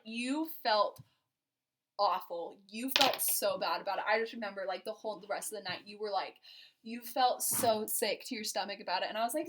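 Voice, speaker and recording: A woman's voice: mid-range voice, normal speed, a bit bright, slight background noise. A young woman telling a story to her partner in a casual, giggly way, with lots of "like" fillers. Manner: chatty and giggly, heavy use of "like". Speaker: vlogger recounting a first date to her partner.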